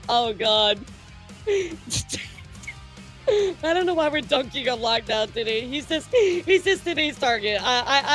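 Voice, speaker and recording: A woman with a bright, high voice hosts a casual livestream news segment. She talks loosely to her chat, teasing and laughing often. Soft music plays faintly underneath. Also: expressive, moderate pace. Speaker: streamer and news host.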